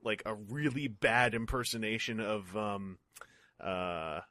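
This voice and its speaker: Man, podcast guest, casual chat, self-deprecating humor, crisp bright tone, dry sound. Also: lowish voice, slow pace, no room sound. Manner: jokey, self-deprecating, rambling.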